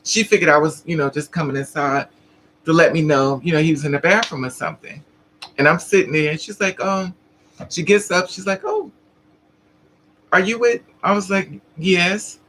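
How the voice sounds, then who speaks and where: In a low, fairly bright voice with fairly even intonation, a trans woman vlogger tells her live chat a story a little quickly. She's chatty, laughs a lot, and acts out what others said, over poor audio with slight background noise.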